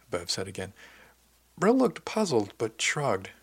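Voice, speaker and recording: A man's voice: on the low side, sing-song, moderate pace, gravelly, slightly rough. A man narrating a novel in the first person with a dry, wry storytelling manner. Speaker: audiobook narrator.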